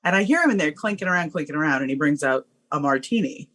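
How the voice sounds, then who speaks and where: Woman, husky voice, very lively pitch, animated storyteller, fillers and laughs. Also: fast talker. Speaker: guest storyteller. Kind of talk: casual storytelling.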